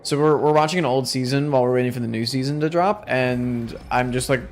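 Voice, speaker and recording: A young man streams a video game, sounding exhausted as he comments casually in a rambling, self-deprecating way. His medium-pitched voice is brisk with fairly even intonation.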